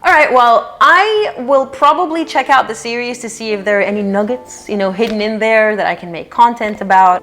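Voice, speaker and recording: Woman, commentary vlog host, sarcastic, mocking, slightly high voice, faint background music. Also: normal speed, hardly any pauses, a bit bright.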